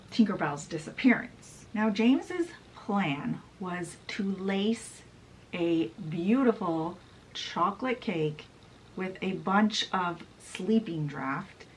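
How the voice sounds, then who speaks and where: Slow, chatty woman summarizing a book. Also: mid-range voice, a little hiss or hum, poor audio. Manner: chatty, with fillers like "he's like". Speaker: book reviewer.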